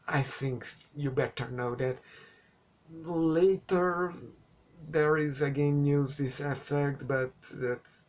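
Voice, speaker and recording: A man speaking English as a second language delivers a relaxed, sarcastic movie review at a slow, deliberate pace. He sounds exasperated with the film's choices and swears casually as he goes. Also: mid-range voice. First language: not English. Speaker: film reviewer.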